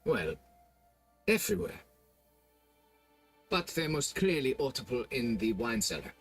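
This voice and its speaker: A haughty nobleman in a video game, fussy and condescending as he demands deference. His voice climbs and dips through a lively, sing-song range at a middle pitch. Faint game music sits behind him. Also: unhurried, husky. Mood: grave. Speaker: vineyard owner hiring a monster hunter.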